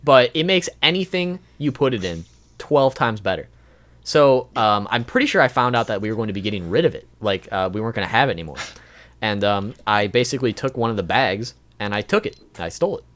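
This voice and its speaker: A man's voice: on the low side, lively intonation, brisk, fairly bright tone. Playful young male podcast host. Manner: chatty, playful, laughs often. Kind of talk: casual podcast chat.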